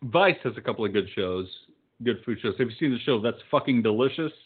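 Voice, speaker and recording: A man's voice: mid-range voice, lively intonation, fairly quick, husky. A man co-hosting a podcast, eagerly recommending things in casual banter. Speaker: podcast co-host. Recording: tinny phone-like sound.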